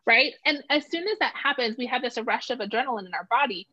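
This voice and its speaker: A woman's voice: a little high, fast talker, no echo. A middle-aged woman in casual conversation, talking animatedly and acting out quoted voices. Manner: animated, acts out voices when quoting. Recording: dull lo-fi sound.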